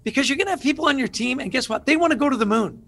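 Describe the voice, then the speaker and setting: Energetic male guest author with a high, gravelly voice, animated storyteller. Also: racing. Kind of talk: interview conversation.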